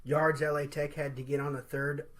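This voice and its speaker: A man's voice: fairly high pitch, flat delivery, normal speed. A man co-hosting a podcast in casual, joking chat. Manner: loud, joking, colorful. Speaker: podcast co-host.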